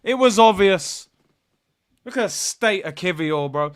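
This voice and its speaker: A young man, hosting a live football watchalong and ranting and shouting in exasperation at his team. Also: high-pitched, expressive, a little slow, clean tone. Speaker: fan watchalong host.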